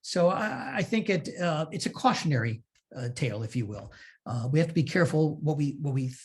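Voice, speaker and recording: Rabbi with a higher-pitched man's voice. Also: brisk. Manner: thoughtful, animated when retelling stories, laughs often. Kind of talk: conversational interview, explaining scripture.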